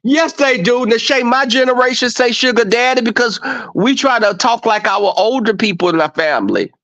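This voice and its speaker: A man's voice: very high voice, brisk. A man hosting a livestream, chatting casually and profanely with viewers and acting out quoted exchanges. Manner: profane, animated storytelling. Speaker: livestream host. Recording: dull lo-fi stream audio.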